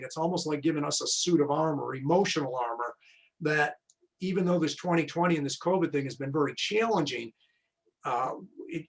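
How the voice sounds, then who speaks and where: A man's voice: on the high side, low-quality recording. A man hosting an interview as a coach, chatting in long, rambling anecdotes. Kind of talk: casual interview.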